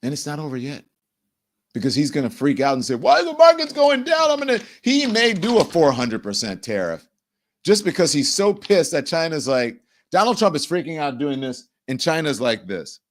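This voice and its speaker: A middle-aged man hosting a live-stream talk show, animated and sarcastic, often mimicking the people he talks about. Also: mid-range voice, normal speed. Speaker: host.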